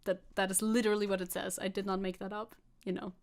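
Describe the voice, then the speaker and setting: A woman's voice: mid-range voice, little pitch movement, quick pace. A woman streamer giving casual, sarcastic commentary, laughing often and swearing. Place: hot room at home.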